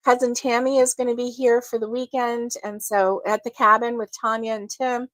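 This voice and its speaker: A woman hosting a casual crochet livestream, chatting with viewers, giggling often and filling pauses with ums. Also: a little high, little pitch movement, a bit bright, dry recording. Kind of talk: casual live chat with viewers.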